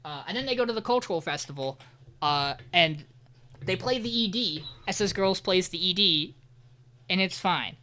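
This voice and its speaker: On a podcast, a male co-host walks his fellow hosts through an anime's latest episode in a casual recap chat. He rambles loosely, drops casual profanity, and adds sarcastic asides. His voice is high, bright, forward, and expressive, at a moderate pace.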